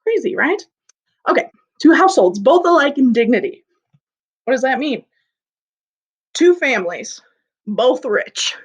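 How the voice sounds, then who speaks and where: A woman's voice: sits high, very animated, unhurried, pauses often, slightly rough. A young woman teaching an English class online in a chatty, playful way, explaining things simply. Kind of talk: recorded online class lesson.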